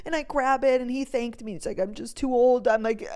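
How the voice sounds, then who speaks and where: A woman's voice: on the high side, fairly even intonation, fairly quick, darkish tone, clear, resonant tone. Chatty emotional young woman storyteller. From North Dakota, USA. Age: 20s. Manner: chatty, emotional, full of filler words. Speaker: podcast host. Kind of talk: casual storytelling chat.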